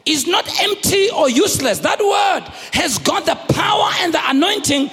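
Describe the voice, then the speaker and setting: A middle-aged South African man preaching a lively sermon as a bishop, often shouting and acting out the characters in his stories. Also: very high-pitched, normal speed, soft background music, some chatter behind. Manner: animated, often shouting, acts out voices. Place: large church hall. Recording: live church recording with long reverb.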